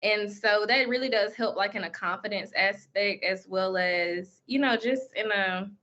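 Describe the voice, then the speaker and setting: A woman's voice: mid-range voice, unhurried, pushed and bright, muffled recording. A young woman answering interview questions in a chatty way, full of "like" and "um". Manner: chatty, lots of "like" and "um", laughs easily. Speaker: guest, pro wrestler.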